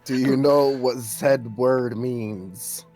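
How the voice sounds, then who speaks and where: A man's voice: medium pitch, steady tone, takes it slowly, warm tone, soft background music. A man playing a tabletop game on a live stream, chatting casually and joking.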